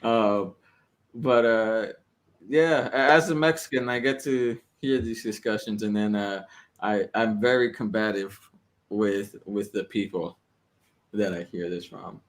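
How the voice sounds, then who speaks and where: A man in casual podcast chat, telling stories in an animated, profane way. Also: on the low side, measured pace.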